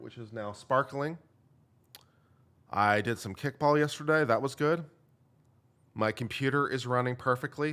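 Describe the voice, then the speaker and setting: A man's voice: mid-range voice, a bit bright. A young man hosting a live stream, chatting casually and joking while thanking viewers. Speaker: host reacting to a live trial stream.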